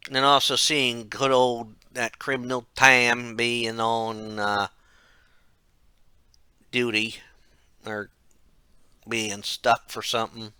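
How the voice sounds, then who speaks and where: A man's voice: medium pitch, little pitch movement, slow, long pauses, bright, forceful tone, clear, resonant tone, no echo. A man narrating a casual game retrospective, rambling, correcting himself and dropping wry asides. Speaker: game reviewer.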